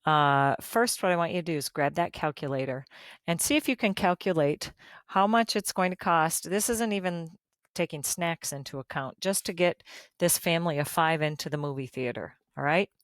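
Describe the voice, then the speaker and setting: A woman's voice: low voice, moderate pace, dry recording, clean studio sound. A middle-aged woman teaching math in a recorded video lesson, chatty and folksy with joking asides.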